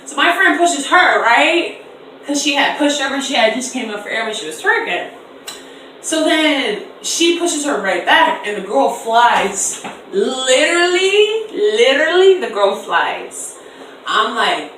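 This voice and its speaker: A young woman in her twenties telling a storytime on camera in an animated, slangy way, acting out voices in quotes. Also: high-pitched, normal speed, a little hiss or hum. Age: 20s. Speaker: vlogger. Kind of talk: casual storytime. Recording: echoey room, distant mic.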